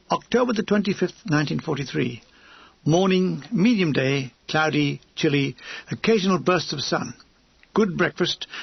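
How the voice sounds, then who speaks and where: Male audiobook narrator, wry and dry, husky, in a dull, dry recording. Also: high-pitched, dry recording. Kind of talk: audiobook reading of a war memoir.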